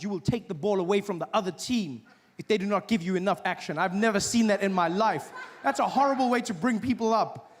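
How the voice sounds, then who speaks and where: Animated male stand-up comedian, high voice. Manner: animated, mocking, acts out characters. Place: stage before a live audience.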